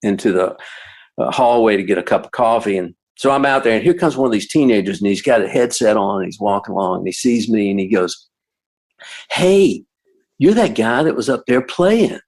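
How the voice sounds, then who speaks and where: A man's voice: on the low side, fast talker, darkish tone, low-quality recording. An older man, a musician and guest, telling a casual anecdote in a rambling way with many restarts and asides.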